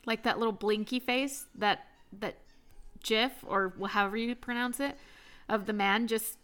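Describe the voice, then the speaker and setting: Pregnant young woman vlogger, candid storyteller, a bit high-pitched. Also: steady tone, moderate pace, fairly bright tone. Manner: candid, chatty, laughs often, swears. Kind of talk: casual personal storytelling.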